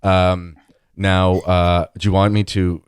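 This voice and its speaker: A man's voice: deep voice, little pitch movement, slow pace, clean tone, no echo, studio quality. A man hosting a podcast in a chatty, self-deprecating conversational way. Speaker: podcast host.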